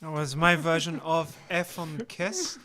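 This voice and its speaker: A man's voice: fairly high pitch, unhurried, crowd noise. A male musician hosting a home livestream concert, chatting and teasing between songs. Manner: playful, teasing, laughs often. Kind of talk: casual chat between songs.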